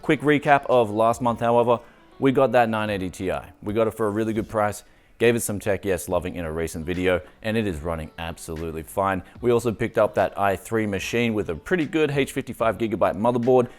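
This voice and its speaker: A man's voice: lowish voice, a little fast, soft background music. A man hosting a tech channel, upbeat and jokey, narrating a hunt for used computer parts. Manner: upbeat, jokey, full of slang. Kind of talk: casual vlog narration.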